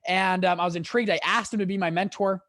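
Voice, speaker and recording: Young man, podcast guest, somewhat high voice, lively storytelling, dry close mic. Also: no echo. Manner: animated, quick storyteller with laughs and restarts. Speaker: guest, fund manager. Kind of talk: casual storytelling in an interview.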